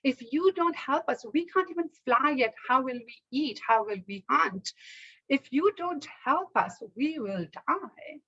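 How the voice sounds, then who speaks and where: A woman's voice: high-pitched, animated, a little slow, sharp tone, dull audio, full character voice. A woman voicing three helpless baby ravens who cannot fly, begging for help. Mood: pleading. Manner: pleading, fearful.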